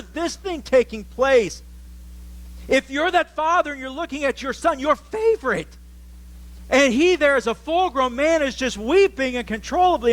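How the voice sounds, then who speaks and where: A man's voice: very high voice, lively intonation, normal speed, a bit bright. A male pastor preaching a sermon, telling a story with animation and questions for the congregation.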